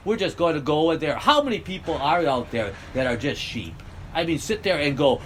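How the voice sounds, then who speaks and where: A man delivering a heated, rambling political rant with blunt sarcasm. His voice sits somewhat high and swings widely up and down. Faint noise hums behind him. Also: sing-song, fairly quick, rough recording. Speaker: political vlogger.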